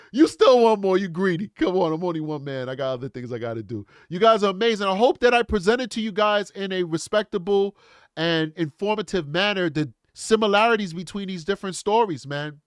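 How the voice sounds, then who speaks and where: A man's voice: sits high, brisk, smooth, no echo, studio quality. A man hosting a live true crime stream, reacting bluntly and casually, often calling the audience bro and man. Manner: animated, blunt, calls listeners bro and man.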